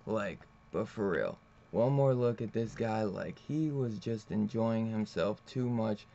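A man's voice: lowish voice, animated, a little slow, creaky, warm tone. A man reviewing a comic book in a loose, rambling way, swearing freely and laughing often. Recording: dull lo-fi recording.

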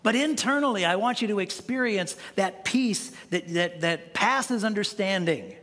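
A man's voice: high-pitched, unhurried, fairly bright tone, in a large hall. A man preaching a sermon as pastor in a conversational style, often restarting and repeating words. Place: church sanctuary.

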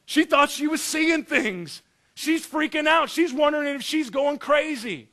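A man preaching a sermon, animated and joking, acting out the story in voices. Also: very high-pitched. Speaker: pastor.

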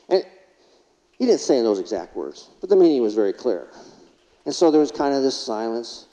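A man's voice: medium pitch, sing-song, brisk, warm tone. A man delivering a keynote speech at a conference, telling funny anecdotes and asking the audience rhetorical questions. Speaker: keynote speaker. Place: large conference hall. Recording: distant, dull hall reverb.

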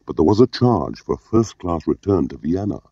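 Deep gravelly man reading a spy novel, calm and measured, dull lo-fi sound. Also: no echo. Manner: measured, understated storytelling. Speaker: audiobook narrator. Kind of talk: scripted narration. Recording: dull lo-fi audio.

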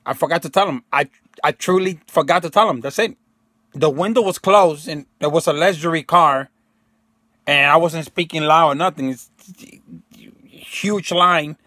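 A man's voice: fairly high pitch, moderate pace, long pauses, pushed and bright, no room sound, clean studio sound. A man talking casually and emphatically to his viewers in a rambling monologue, slipping into slang and acting out quotes. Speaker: self-help video host.

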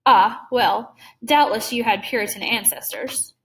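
A woman's voice: on the high side, unhurried, a bit bright, low-quality recording. Woman reading as a suave, cruel aristocrat. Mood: condescending. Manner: smooth, genteel and mocking. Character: suave, cruel older male aristocrat hunter.

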